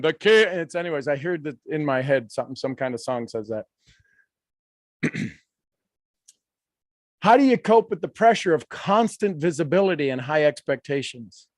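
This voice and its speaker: A man coaching a live workshop, animated, acting out quoted voices and laughing often. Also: a little high, moderate pace, long pauses, no echo, clean studio sound.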